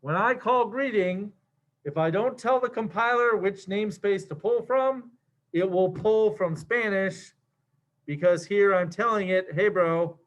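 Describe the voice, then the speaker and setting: A man's voice: sits high, measured pace. A man teaching a programming lesson in a casual, slangy way, with many fillers as he walks through code. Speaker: programming instructor. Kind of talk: screen-share coding lecture.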